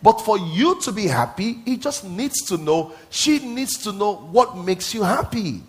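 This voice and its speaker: A middle-aged male pastor preaching a sermon, swinging from soft asides to loud, emphatic exclamations and asking the crowd to answer back. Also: high voice, expressive, unhurried.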